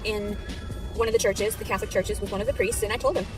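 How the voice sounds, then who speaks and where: A woman's voice: medium pitch, fairly even intonation, fast talker, over music. A woman in a filmed clip ranting angrily with constant swearing. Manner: ranting, furious, heavily profane. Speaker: vlogger in clips. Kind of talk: angry monologue to camera.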